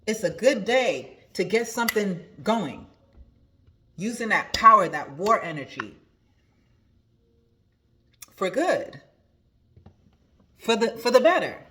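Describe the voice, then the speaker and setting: A woman's voice: mid-range voice, sing-song, slow pace, pauses often, bright, forceful tone. A woman hosting a motivational talk as a spiritual coach, emphatic and preachy, repeating her key phrases.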